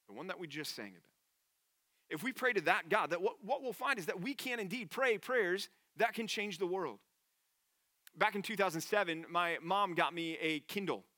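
Bright-voiced man preaching. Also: fairly high pitch, no room sound. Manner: earnest, conversational preaching. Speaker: pastor. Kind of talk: sermon.

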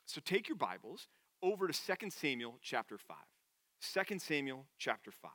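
A man preaches a sermon, earnest and conversational. His voice sits a little high and sounds bright. The recording is close and dry. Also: very animated, normal speed, no echo. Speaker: pastor.

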